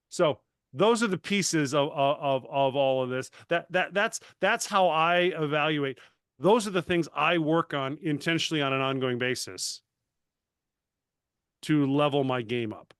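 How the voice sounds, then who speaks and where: An animated man speaking on a coaching panel, his voice sitting a little high. He restarts his sentences and pokes fun at himself. The sound is dry and close, with no room around it. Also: smooth, no echo. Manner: animated, self-deprecating, frequent restarts. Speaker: master certified coach. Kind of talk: casual panel discussion.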